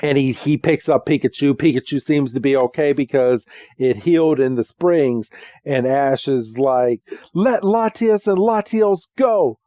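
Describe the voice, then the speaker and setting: A man's voice: medium pitch, warm tone, no room sound, clean studio sound. A man hosting a podcast, recapping a cartoon episode in a casual, chatty way with plenty of ums. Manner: chatty, with frequent ums and quick acted quotes. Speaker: podcast host.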